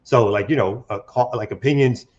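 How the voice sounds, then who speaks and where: A man's voice: medium pitch, fairly quick, a little mellow. A man co-hosting a casual talk show, speaking in a loose, slangy way with frequent restarts and asides. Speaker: co-host. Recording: dull lo-fi sound.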